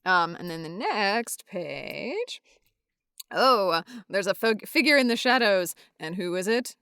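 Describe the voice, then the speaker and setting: A woman on a podcast recaps a manga chapter in a relaxed way, jumping into character voices for the dialogue. Her voice is smooth and clear, and the sound is dry and close to the mic. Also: mid-range voice, slow pace, no room sound. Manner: reads panel dialogue in put-on voices, with many fillers. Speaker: podcast guest.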